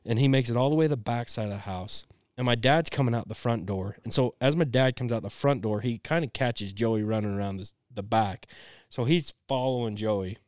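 A young man co-hosting a podcast, telling a family story in an animated way and laughing often. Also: medium pitch, fairly quick, clear, resonant tone, dry recording, clean studio sound. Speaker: podcast co-host. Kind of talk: casual storytelling chat.

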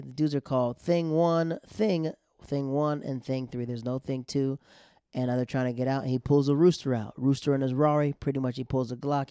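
Young male host, animated, slangy recap storyteller, warm mellow tone, close dry sound. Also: mid-range voice, clear, resonant tone, dry recording. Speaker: podcast host recapping a TV episode. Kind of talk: casual recap chat.

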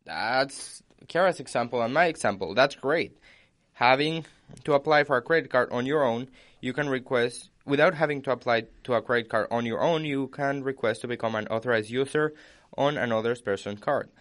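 This is a young man hosting a podcast in casual chat, speaking at a middling pitch. He explains things step by step and often reads out information for the others. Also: normal speed, fairly bright tone. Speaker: podcast host.

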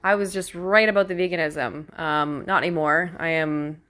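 A woman's voice: deep voice, fairly even intonation, normal speed, fairly bright tone. A young woman giving a casual opinion monologue as host, earnest and emphatic, swearing freely and laughing often, close to tears with emotion.

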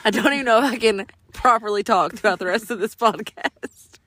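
A woman's voice: fairly high pitch, brisk, sharp tone. A woman, chatting playfully as a podcast co-host in her car, teasing and giggling easily. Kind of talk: casual chat.

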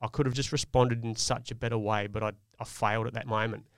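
A man's voice: mid-range voice, steady tone, quick pace, clean tone, no echo, clean studio sound. A man, telling a personal parenting story in an earnest, reflective way on a casual podcast. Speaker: podcast co-host. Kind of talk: casual chat.

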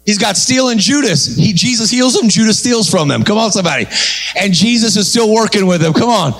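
A man preaching an energetic sermon, telling a story and calling out to the congregation. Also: high-pitched, brisk. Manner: animated, calls out to congregation.

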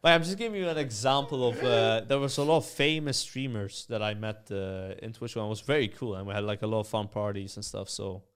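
A young man from Malta, a podcast guest telling rambling, animated anecdotes full of fillers. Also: fairly low pitch, brisk, few pauses, clear, resonant tone. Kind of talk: casual storytelling.

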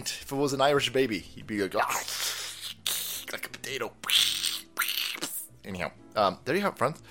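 A man hosting a commentary channel, foul-mouthed and rambling, mocking as he swings from loud outbursts to mutters. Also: mid-range voice. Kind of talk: profane comedic commentary.

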